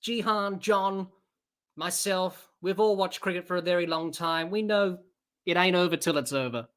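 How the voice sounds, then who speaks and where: A woman hosting a cricket podcast, giving live watch-along commentary in an excitable way, reading out listeners' comments and bursting into shouts at big shots. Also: lowish voice, moderate pace. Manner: reads out chat comments and chats to listeners.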